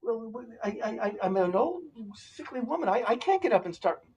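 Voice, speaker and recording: A man's voice: very high-pitched, sing-song, fairly quick, a little mellow, distant mic, highs cut off, slight background noise, pitched above the performer's own voice, heavily acted. A man doing a frail, stammering old woman. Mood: pleading. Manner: stammering, pleading. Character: old, sickly, poor woman, frail and fearful.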